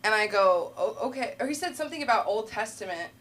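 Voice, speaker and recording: A woman's voice: a little high, expressive, quick pace, a bit bright. A woman hosting a comedy open mic on a club stage, chatty and laughing as she acts out both sides of her stories.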